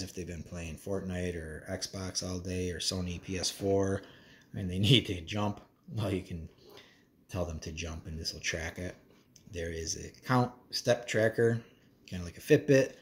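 A man giving a casual, meandering product review as a parent, with frequent ums and uhs. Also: deep voice. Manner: laid-back, meandering, many ums and uhs. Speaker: parent reviewing a kid's smartwatch.

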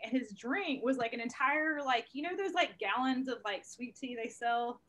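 A young woman, a comedian guest on a video call, telling stories in a lively, profane, laughing way. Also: fairly high pitch, moderate pace. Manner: animated, profane, laughing storyteller. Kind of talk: casual storytelling interview.

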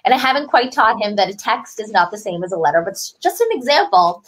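A woman author speaking as a guest on a podcast interview. She talks in an articulate, upbeat way and moves easily between advice and short stories. Her voice sits at a medium pitch. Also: very animated, quick pace.

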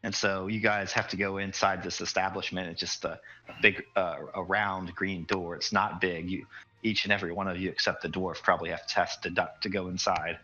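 A man's voice: low-pitched, level tone, fairly quick, pushed and bright. A man narrating as game master in a tabletop game, rambling with many fillers. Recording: dull lo-fi recording.

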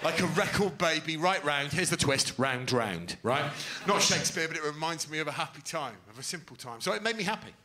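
A man doing a stand-up routine, telling stories in an animated, mocking way. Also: a little high, fairly quick, reverberant, a loud crowd. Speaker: stand-up comedian.

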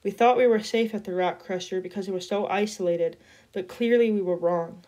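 A woman reading a novel chapter aloud in a steady storytelling voice. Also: mid-range voice, brisk. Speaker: reader.

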